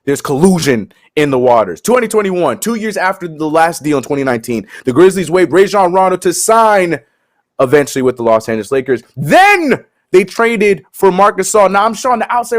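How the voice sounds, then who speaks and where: Man, sports talk host, animated, joking, slightly high voice. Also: fairly quick. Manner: animated, laughing, joking asides.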